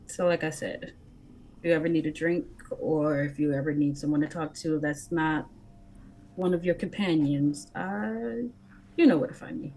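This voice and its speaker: A woman playing a kindly lizardfolk warrior in a tabletop game, talking earnestly and haltingly. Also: deep voice, mellow, a little hiss or hum, poor audio. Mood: comforting. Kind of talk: in-character role-play.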